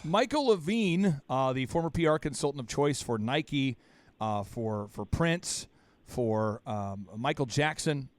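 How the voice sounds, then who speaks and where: A man hosting a business podcast, talking in an animated, blunt and teasing way. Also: mid-range voice, unhurried, no room sound. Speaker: podcast host. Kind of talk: lively podcast chat.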